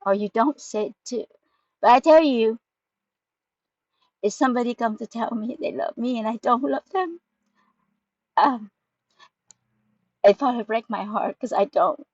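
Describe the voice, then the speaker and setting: A woman's voice: fairly high pitch, unhurried, long pauses, darkish tone, no echo. A woman speaks to her viewers in a heartfelt, emotional way, her grammar loose and non-native, her voice a little tearful at times. The recording is dry and close, with a slightly muffled, dull tone. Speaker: spiritual vlogger. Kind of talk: emotional direct-to-camera talk.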